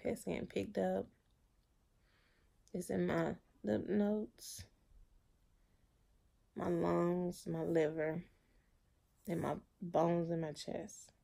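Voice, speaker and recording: A woman in her thirties speaking in a personal video diary, emotional and halting, often repeating herself. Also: on the low side, little pitch movement, gravelly, mellow. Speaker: vlogger.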